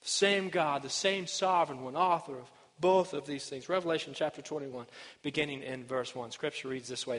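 An earnest male pastor delivers a sermon, restating each point and moving between emphatic, raised passages and hushed ones. His voice sits fairly high for a man. It rings with the long reverb of a church sanctuary. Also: a little fast.

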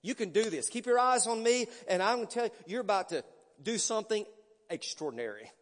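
A preacher voicing a gentle, coaxing savior. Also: male voice, high voice, lively intonation, fairly quick, big-room sound. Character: calm encouraging male savior figure, gentle and warm.

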